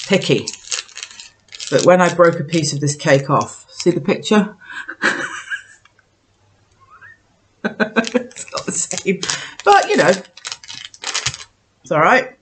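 A woman's voice: fairly low pitch, animated, measured pace, long pauses, a little hiss or hum. A woman vlogger in casual chat, thinking aloud and joking at herself as she tastes snacks. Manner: chatty, self-mocking, thinks aloud while tasting.

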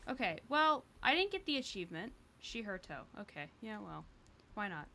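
A woman talks through a livestreamed game in a bright, forward voice, her pitch sitting in a middling range. She chats casually, swears freely and laughs at her own slips. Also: very animated, moderate pace, slight background noise. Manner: chatty, sweary, self-mocking. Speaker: streamer. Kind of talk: casual gameplay commentary.

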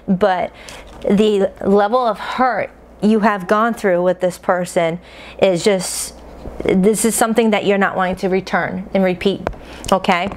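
A woman giving a casual, emphatic tarot reading, talking straight to her viewers and often checking in with "okay?". Her speech stays loose and conversational. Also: medium pitch. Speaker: tarot reader.

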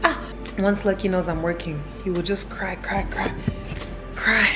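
A young woman with a drawl vlogs from her home, talking straight to the camera in an excitable, chatty way. Her voice sits at an ordinary middle pitch, and it comes through her handheld phone. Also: a little slow, loud music behind the voice. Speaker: vlogger. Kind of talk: casual vlog chat.

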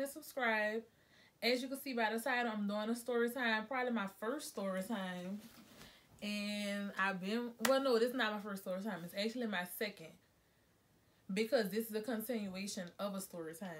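A young woman, telling a rambling, chatty storytime to her vlog viewers from home and correcting herself as she goes. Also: medium pitch. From New Orleans, USA. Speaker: vlogger. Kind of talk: casual storytime monologue.

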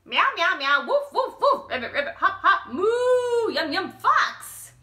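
A woman putting on a young storybook rooster who belts out a jumble of exaggerated animal calls, leaping to high squeals and shouting them at full volume. The voice is bright and sharp, and it rings in a roomy, echoey space. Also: very animated, measured pace, heavily acted. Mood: bold, gleeful. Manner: loud, exaggerated animal noises.

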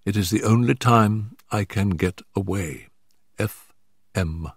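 A man's voice: on the low side, takes it slowly, slightly rough, dry recording, studio quality, full character voice. An older man voicing a composed, strong-willed young woman in a story reading, speaking firmly with a slightly raised voice.

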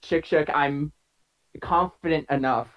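A man's voice: on the high side, measured pace. A man playing a party game over a video call, earnestly laying out his reasoning in long run-on sentences. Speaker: player. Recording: dull lo-fi call audio.

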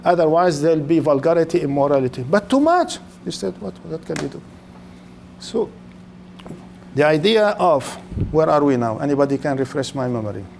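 A man's voice: on the high side, creaky, a little mellow, a little hiss or hum. Older man lecturing with rhetorical questions. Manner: rhetorical questions to the audience, drawn-out emphasis. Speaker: Islamic lecturer. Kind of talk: lecture to a live audience.

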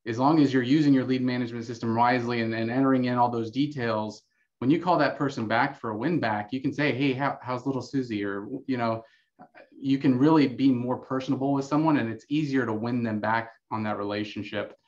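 A man who owns an insurance agency, chiming in with relaxed, conversational remarks and plenty of "like" during a live training. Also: medium pitch, brisk, highs cut off. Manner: relaxed, conversational, uses filler "like". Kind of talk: casual talk in a live training.

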